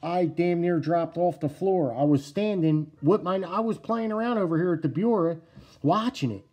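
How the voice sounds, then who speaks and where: A middle-aged man with a New Jersey accent chatting casually to camera about knife collecting, excitable and repetitive, calling his viewers "guys" and "yous.". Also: a little high, normal speed, breathy edge. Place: at home indoors.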